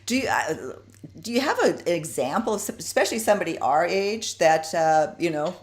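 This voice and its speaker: Low-voiced woman host. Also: expressive. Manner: halting, hesitant phrasing. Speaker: talk show host. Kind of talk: interview.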